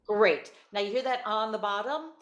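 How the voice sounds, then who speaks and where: A woman voice teacher coaching a student over a video call, giving quick praise and clear instructions. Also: medium pitch, echoey room. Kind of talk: virtual one-on-one singing lesson.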